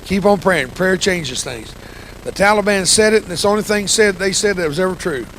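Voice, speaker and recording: A man's voice: high voice, brisk, a bit bright, slight background noise, low-quality recording. An older man, preaching to a congregation as a guest speaker, folksy and self-deprecating as he tells emotional stories full of quoted dialogue. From United States. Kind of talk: storytelling sermon talk.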